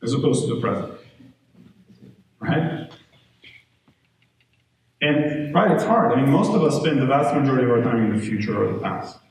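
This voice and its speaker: A man's voice: medium pitch, normal speed, long pauses. A man giving a conversational parenting talk to a live audience, telling stories and checking in with listeners. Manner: conversational, animated storytelling with audience check-ins. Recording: echoey room, distant mic, faint noise.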